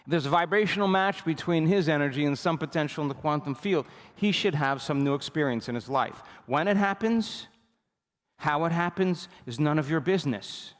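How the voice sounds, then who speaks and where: A man delivers a motivational seminar talk in a voice that sits a little high for a man. He tells stories with animated energy and keeps checking in with his listeners. His voice carries the long reverb of a big hall. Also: moderate pace. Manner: animated storytelling, repeatedly asks the audience for agreement. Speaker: seminar speaker.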